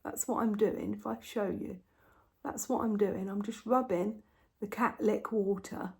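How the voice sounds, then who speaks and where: A chatty woman talks casually at home as she stitches. She breaks off now and then to talk to her pets. Her voice is mellow and warm, with an even middle pitch. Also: measured pace, gravelly. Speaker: embroidery vlogger. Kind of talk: casual chat while stitching.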